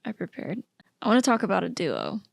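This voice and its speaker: A woman's voice: on the low side, wildly swooping pitch, a little fast, creaky, no room sound, studio quality. A woman in her twenties co-hosting a horror podcast, chatting casually, laid-back and giggly with some swearing. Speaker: podcast co-host. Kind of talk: casual chat.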